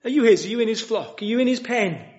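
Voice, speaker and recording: High-voiced man preaching earnestly. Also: animated, quick pace. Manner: earnest, swings from loud appeals to hushed quiet. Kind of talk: sermon. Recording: dull lo-fi recording.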